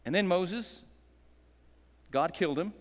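Speaking slowly in a voice that sits high, a male pastor preaches a rousing, dramatic sermon in a church. He leads call-and-response and slips in jokes, and the sound has an echoey hall reverb.

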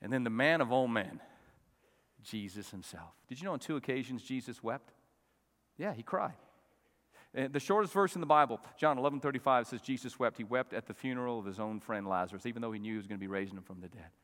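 A male pastor preaching a sermon, swinging from loud, emphatic peaks down to soft, quiet asides. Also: medium pitch, quick pace. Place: church sanctuary. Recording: long reverb of a church hall.

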